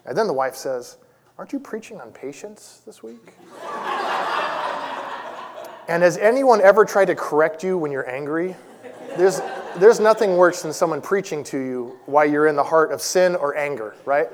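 A man's voice: a little high, moderate pace, pauses often, a crowd in the background. A man in his forties, a church elder, preaching a sermon in a conversational, self-deprecating storytelling way. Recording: long reverb of a large hall.

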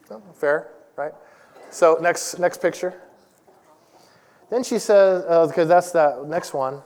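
Male preacher, 40s, slightly higher voice, chatty and self-mocking, long hall reverb. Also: slow, pauses often, darkish tone. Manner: conversational storytelling with self-deprecating humor. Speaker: church elder preaching. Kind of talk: sermon.

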